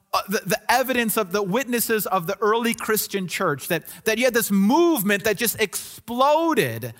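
A man's voice: high-pitched, fairly bright tone. A male pastor delivering a sermon in an earnest, conversational way, often restarting his sentences.

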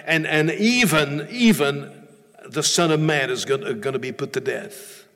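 A man's voice: on the high side, measured pace, fairly bright tone, in a large hall. A male pastor preaching a sermon in a church, emphatic, often repeating and restarting phrases.

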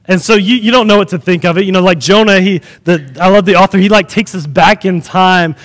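A man preaching a sermon in an animated way, acting out the scenes he tells. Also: sits high, fairly quick, in a large hall.

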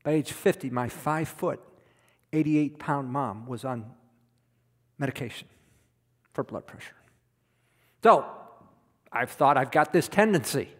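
A man's voice: mid-range voice, unhurried, long pauses, a bit bright. Emphatic male pastor in a reverberant hall. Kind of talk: sermon.

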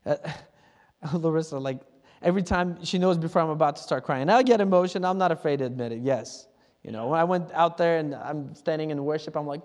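A man with a high voice delivers a relaxed, chatty sermon from the stage. He slips into quick imitations of other people's prayers and chuckles along the way. His voice carries through a large church hall with a long, lingering reverb. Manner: conversational, self-laughing, mimics others' prayers. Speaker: pastor.

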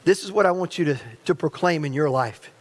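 A male pastor with a fairly high, brisk voice preaches a sermon, speaking straight to the congregation in a stirring way. He often repeats or restarts his phrases.

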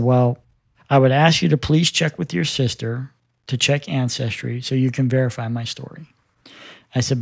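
A man's voice: mid-range voice, creaky, a little mellow, no room sound. A man in his fifties telling his life story in a casual interview, earnest and quoting the dialogue as he goes. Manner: earnest, quotes dialogue as he tells it.

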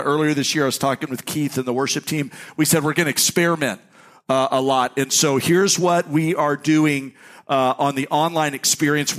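A man preaching a sermon as a pastor, giving announcements and teaching in an energetic, conversational way with jokey asides. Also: on the high side. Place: church sanctuary with congregation.

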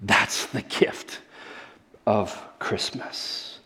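A man preaching a sermon in a conversational, animated way, often calling his listeners guys. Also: very slow. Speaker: pastor.

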